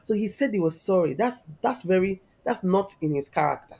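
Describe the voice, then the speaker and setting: A woman's voice: mid-range voice, expressive, brisk, dark tone, husky. A woman, a podcast guest telling her personal story in a heartfelt, reflective way. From Nigeria. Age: 30s. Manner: heartfelt, reflective, openly emotional.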